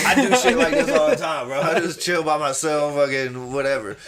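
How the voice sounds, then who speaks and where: A man's voice: fairly high pitch, moderate pace, slight background noise. A man, telling a long story on a podcast in casual chat and acting out the people in it. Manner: animated storyteller, acts out others' voices. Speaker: podcast co-host.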